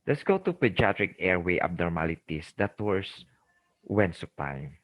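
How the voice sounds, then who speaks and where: A man's voice: low-pitched, very animated, a little slow, fairly bright tone, no echo, poor audio. A middle-aged man with a Filipino accent giving a recorded medical lecture, repeating key terms and checking in with "okay?" and "remember". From Philippines. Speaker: lecturer, ENT surgeon.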